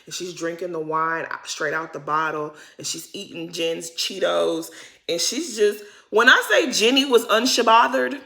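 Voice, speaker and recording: A woman giving a casual reality-TV recap, chatty and slangy, swinging between loud emphasis and muttered asides. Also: lowish voice, measured pace, gravelly. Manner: chatty, slangy and dramatic, addressing viewers as "y'all". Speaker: recap vlogger.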